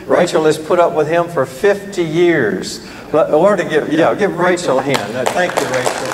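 Older Southern preacher in a reverberant hall. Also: male voice, a little high, normal speed, background noise. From American South. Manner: rambling, folksy, self-deprecating. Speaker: guest preacher. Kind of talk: sermon opening remarks. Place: church hall.

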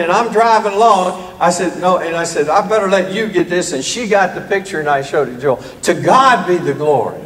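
A man's voice: high-pitched, a bit bright, in a large hall, a little hiss or hum, low-quality recording. An older man from the American South with a Southern drawl, giving a guest preacher's rambling, folksy opening remarks in a church. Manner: rambling, folksy, self-deprecating. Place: church hall.

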